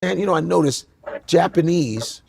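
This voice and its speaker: Male guest from Nigeria, husky, very animated pitch, storyteller. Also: moderate pace. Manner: animated, exclaiming, quotes himself. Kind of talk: casual storytelling chat.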